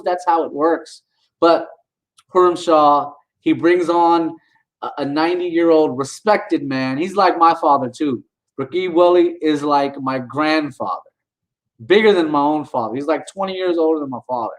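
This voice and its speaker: A man's voice: on the high side, low-quality recording. A man vlogging, ranting indignantly and talking straight to his viewers in a casual way. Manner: indignant, animated, talks to viewers directly.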